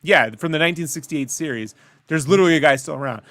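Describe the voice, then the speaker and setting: A man's voice: a little high, quick pace, no room sound. A man co-hosting a casual podcast chat, rambling and swearing as he retells stories and quotes people. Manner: swearing, rambling, quotes others in animated bursts. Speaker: podcast co-host.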